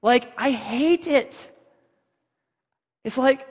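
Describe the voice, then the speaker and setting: A man's voice: high voice, expressive, moderate pace, pauses often, fairly bright tone. A middle-aged man preaching a sermon as pastor, conversational and self-deprecating, acting out his own prayers. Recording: reverberant church hall.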